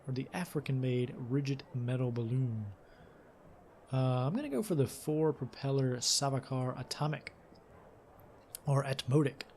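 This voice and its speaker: A man's voice: mid-range voice, darkish tone, slight background noise. Man, let's play host; casual read-aloud of game text with commentary, some fillers. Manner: casual, with fillers and self-corrections.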